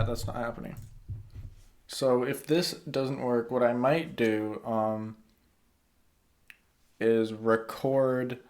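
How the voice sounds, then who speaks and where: A man's voice: on the low side, gravelly, darkish tone. Rambling male game streamer. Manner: rambling, many fillers. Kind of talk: casual live-stream game commentary.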